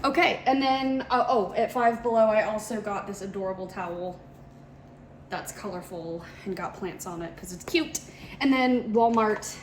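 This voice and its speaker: A woman's voice: medium pitch, moderate pace. A young woman from Georgia in the US who has no Southern accent, chatting casually and rambling as she vlogs her day, often correcting herself. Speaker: vlogger. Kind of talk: casual vlog chat. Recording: loud traffic and road noise behind.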